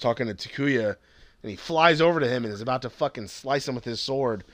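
A man's voice: medium pitch, normal speed, long pauses, dry recording, clean studio sound. A young man casually recapping an episode with a co-host, swearing a lot and acting out the scenes. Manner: profane, excitable, acts out scenes with voices. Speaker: podcast co-host recapping an anime. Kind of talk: casual chat.

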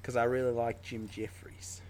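A man's voice: medium pitch, little pitch movement, moderate pace, darkish tone, a little hiss or hum. A man co-hosting a casual podcast over a call, joking and laughing often. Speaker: podcast co-host. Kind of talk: casual chat. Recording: remote call recording.

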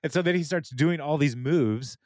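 A man's voice: on the high side, normal speed, darkish tone, no room sound, clean studio sound. A young adult man casually recapping a TV episode, laughing often and retelling scenes with quoted lines. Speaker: podcast co-host.

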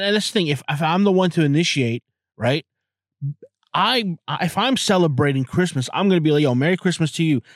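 A man's voice: on the high side, no room sound, studio quality. A man in his forties hosting a podcast, rambling in a casual, profane monologue full of fillers. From outside the US. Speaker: podcast host.

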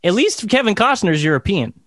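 A young man co-hosting a podcast in casual chat, joking and laughing often, with halting restarts. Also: high voice, sing-song, a bit bright, no echo, clean studio sound. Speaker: podcast co-host.

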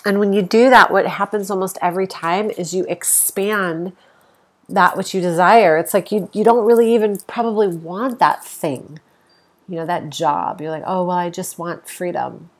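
A yoga teacher hosts a casual spiritual podcast from home, her nose audibly stuffy. She speaks at a normal pace in a mid-range voice, easygoing and enthusiastic, with soft laughs and fillers.

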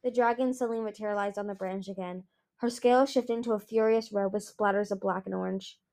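A woman reading a fantasy novel aloud in a lively, expressive way. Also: mid-range voice, brisk. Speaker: audiobook reader. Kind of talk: storybook reading.

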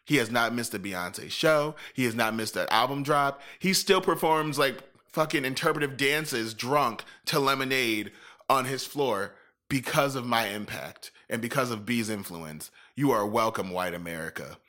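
A man in a casual chat, telling a lively, profane story and acting out what people said. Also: mid-range voice, unhurried. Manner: animated, profane storytelling with acted-out quotes.

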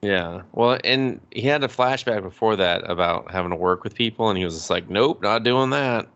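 A man with a low, gravelly voice chats casually on a podcast. He swears a lot and breaks into rough imitations of the characters as he retells the story. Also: fairly bright tone, dull audio. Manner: profane, acts out characters' lines in quick voices. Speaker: podcast co-host. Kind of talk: casual chat recapping an anime.

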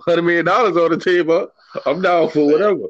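A man's voice: fairly high pitch, fairly even intonation, brisk, no room sound, dull audio. A man hosting a podcast, trading crude jokes and laughing often, currently missing his front teeth. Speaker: podcast host. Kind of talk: casual chat.

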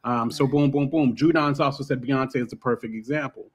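A man's voice: medium pitch, steady tone, a little fast, breathy edge, lo-fi sound. A man hosting a casual podcast discussion, loose and filler-heavy, with playful throwaway asides. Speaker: podcast host.

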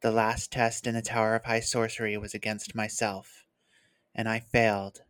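A reader voicing a frail cold male mage, hushed and gentle, storybook reading, dry close mic. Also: mid-range voice, flat delivery, moderate pace, no room sound, close to an everyday voice. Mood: cold, calm. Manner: soft, quiet and gentle. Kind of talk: read-aloud novel passage.

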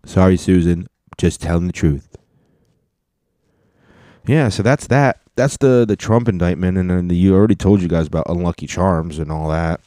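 A man's voice: deep voice, moderate pace, warm tone, dry recording, studio quality. A man hosting a casual solo podcast, reading news headlines aloud and adding sarcastic commentary. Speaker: podcast host.

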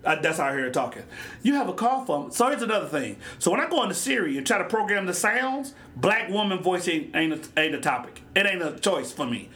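Animated bright-voiced man riffing on a podcast. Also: high voice, fast talker, few pauses. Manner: animated, joking, talks in topics and sidebars. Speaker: podcast host. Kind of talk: casual solo podcast monologue.

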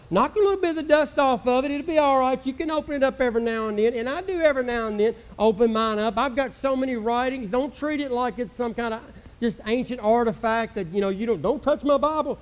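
High-voiced man preaching with passion. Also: fairly quick. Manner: impassioned preaching that swings between shouts and hushed murmurs; acts out quoted voices of doubters. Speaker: pastor. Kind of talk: sermon.

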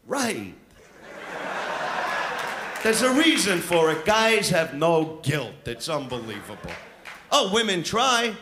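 A man's voice: on the high side, very animated, slow, pauses often, background noise. A male stand-up comedian with a brash, crude, swaggering delivery on a comedy club stage. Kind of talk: live stand-up set. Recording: live club recording with crowd laughter.

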